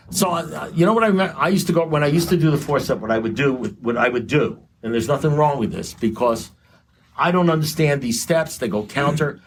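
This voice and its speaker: A fairly low-voiced man addresses a recovery meeting in a blunt, profane, rambling way, often restarting his sentences and talking straight to the listeners. He speaks in a meeting room with a faint hum of ambience behind him.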